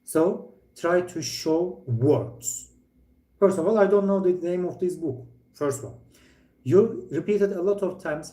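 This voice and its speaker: Corrective male teacher, mellow voice. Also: a little high. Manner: direct, corrective, with frequent pauses and playful asides. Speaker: IELTS speaking teacher. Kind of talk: live speaking lesson feedback. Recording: echoey room.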